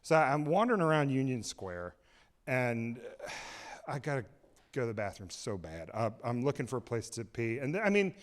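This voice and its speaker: A man telling a comic story live on a small cultural center stage, excitable, rambling and self-mocking. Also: medium pitch, normal speed.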